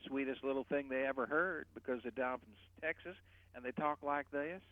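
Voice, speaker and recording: A man's voice: medium pitch, moderate pace, dry recording. A male voice coach on a radio talk show, explaining and demonstrating how people speak. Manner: explanatory, demonstrates speech patterns. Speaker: voice coach guest. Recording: tinny phone line.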